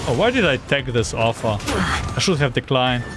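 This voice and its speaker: A man's voice: mid-range voice, animated, normal speed, over music. A man streaming a game, reading the dialogue aloud and reacting with anxious groans between lines.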